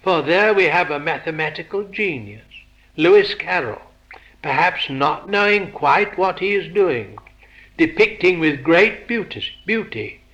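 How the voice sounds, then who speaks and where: A man giving a philosophical lecture, measured and posing rhetorical questions to his listeners. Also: on the high side, expressive, fairly bright tone, dull audio.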